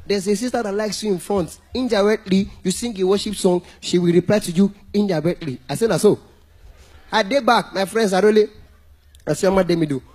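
A man with a Nigerian accent doing stand-up comedy, animated and breaking into song and mock shouting. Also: high voice, brisk.

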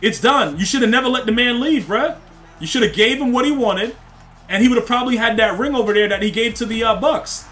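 A young man with a very high, fairly bright voice talks fast while live-streaming a game, faint music behind him. He rambles in loose slang, chatting casually with his viewers and trash-talking opponents.

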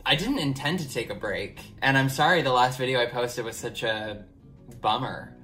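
A man's voice: medium pitch, normal speed, pushed and bright, faint music behind. A young man talking casually to his camera as a vlogger, candid and rambling, with many filler words. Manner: candid and open.

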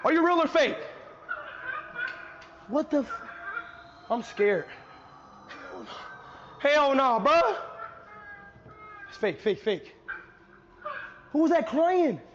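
A young man live-streaming through a haunted house, loud and panicky, swearing and yelling as he goes. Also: very high voice, animated, drawn-out words, long pauses. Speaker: livestreamer. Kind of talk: frantic live-stream reactions. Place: indoor haunted house attraction. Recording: dull lo-fi stream audio, noisy.

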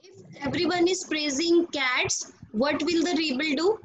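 Slow high-voiced Indian teacher. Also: female voice, poor audio. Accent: Indian English. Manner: patient, repeats names and questions, praises students. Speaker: school teacher. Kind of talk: online class over video call. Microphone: video call.

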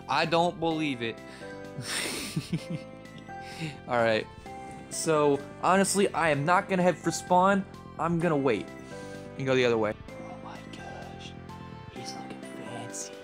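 Excitable young man commentating a game. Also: mid-range voice, creaky. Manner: excitable, yelps and trash-talks. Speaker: gaming YouTuber.

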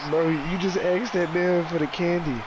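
A man's voice: high-pitched, steady tone, moderate pace, dull audio, a crowd in the background, noisy background. A man joking around and teasing his friends while they play a video game together, laughing often. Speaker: gamer. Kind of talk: casual group banter while gaming.

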